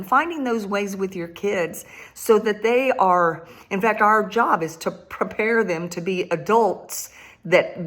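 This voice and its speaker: A woman's voice: medium pitch, a bit bright. An older woman and grandmother giving a casual devotional talk, laughing often and repeating phrases for emphasis. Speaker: Christian speaker.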